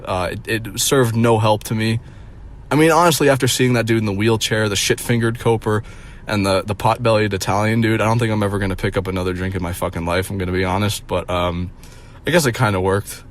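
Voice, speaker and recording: A man's voice: on the low side, brisk. A young man in his twenties, a streamer telling a rambling, profane story in a mocking, incredulous tone. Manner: profane, rambling, with many fillers. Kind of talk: casual storytelling rant.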